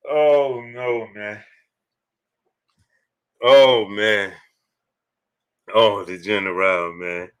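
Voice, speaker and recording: A man's voice: lowish voice, fairly even intonation, very slow, pauses often, clean tone. A man hosting a boxing livestream in casual chat, greeting viewers by name as he talks loosely.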